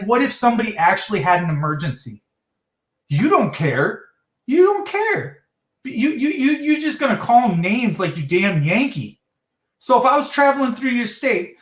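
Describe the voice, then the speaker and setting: A man's voice: sits high, a bit bright, echoey room. A man ranting heatedly on a livestream talk show, swearing and exasperated.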